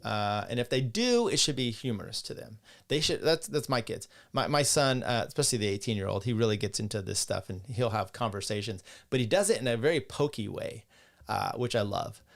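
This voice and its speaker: A man's voice: fairly low pitch, lively intonation, fairly quick, gravelly. A middle-aged man hosting a podcast, rambling casually with profane, chuckling asides as he reads viewer comments. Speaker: podcast host. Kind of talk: casual live-stream talk, reading chat.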